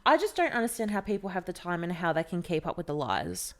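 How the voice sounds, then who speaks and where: A woman's voice: on the low side, fast talker. A woman co-hosting a podcast, telling a story in casual chat, swearing freely and acting out the people in it. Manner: animated storyteller, swears freely, acts out quoted voices. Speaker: podcast co-host.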